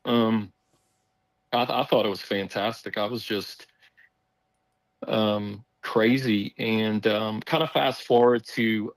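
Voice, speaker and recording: A man telling a story on a podcast in casual chat, rambling and animated, acting out the voices of people he quotes. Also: on the low side, no echo, poor audio.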